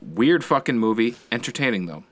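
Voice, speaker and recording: A man's voice: medium pitch, fairly quick. A man chatting casually, rambling and swearing as he tells stories with sound effects. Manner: rambling, profane, animated storytelling with sound effects. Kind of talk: casual chat.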